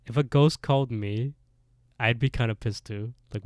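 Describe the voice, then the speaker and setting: A man's voice: mid-range voice, moderate pace, no echo, studio quality. A man casually recapping a TV episode, acting out the characters' lines and laughing often. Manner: animated retelling, switches between characters' lines, laughs often. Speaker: podcast co-host recapping an episode. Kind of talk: casual chat, retelling a plot with quoted dialogue.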